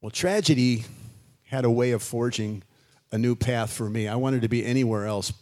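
A man's voice: medium pitch, moderate pace, a little mellow. A man in his sixties from Chicago, telling his life story as a guest in a casual interview, in a reflective, rambling way. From Chicago, USA. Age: 60s. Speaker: guest musician.

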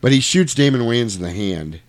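Animated man recapping a movie. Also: medium pitch, normal speed. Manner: animated retelling, acts out quotes in put-on voices; swears casually. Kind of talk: casual movie recap chat.

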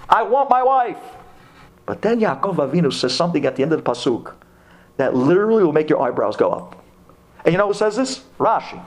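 A man giving a sermon in an animated storytelling manner, dropping to low asides and rising to high exclamations. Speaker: rabbi giving a Torah talk.

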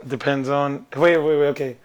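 A man co-hosting a podcast in casual chat, animated and jumping between ideas. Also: mid-range voice, a little fast. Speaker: podcast co-host.

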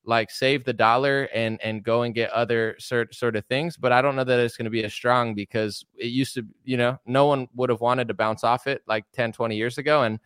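Casting a male podcast guest, smooth and clear, animated and mocking, in a dry, close recording. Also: mid-range voice, brisk, hardly any pauses, dry recording. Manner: animated, mocking, laughs often. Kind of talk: casual political chat.

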